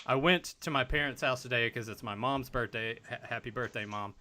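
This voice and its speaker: Bright-voiced man hosting a podcast. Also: medium pitch, fairly quick. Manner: rambling, self-deprecating storyteller. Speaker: podcast host. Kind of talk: casual podcast chat.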